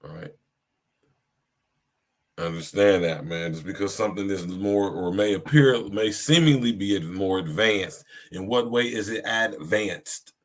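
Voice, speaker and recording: Deep-voiced man preaching on a podcast. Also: measured pace. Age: 30s. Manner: preachy, repeats "you hear me" and "man". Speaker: podcast host. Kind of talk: casual live-stream monologue.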